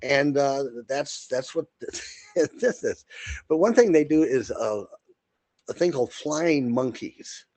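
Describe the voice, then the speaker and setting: A man's voice: medium pitch, lively intonation, slow pace, darkish tone, no echo. Blunt, rambling male podcast host. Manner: rambling, blunt, with frequent restarts and fillers. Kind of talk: casual monologue.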